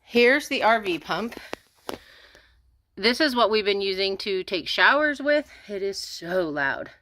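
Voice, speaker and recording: A woman's voice: mid-range voice, expressive, unhurried, bright, forceful tone, no echo. A woman vlogging casually around her homestead, chatty and a bit out of breath, laughing often and talking to her cats. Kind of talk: casual walkthrough vlog. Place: rural cabin homestead, indoors and out.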